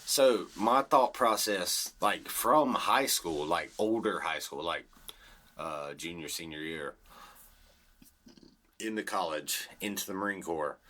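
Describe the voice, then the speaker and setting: A man's voice: sits low, slow pace. A young man on a podcast, joking around loosely and swearing. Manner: joking, profane, animated. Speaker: podcast co-host. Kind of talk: casual podcast chat.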